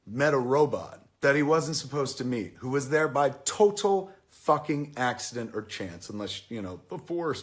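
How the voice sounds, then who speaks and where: A man's voice: on the high side, a bit bright. A man in his forties giving a casual, rambling film review, swearing often and getting emotional as he tells the story. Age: 40s.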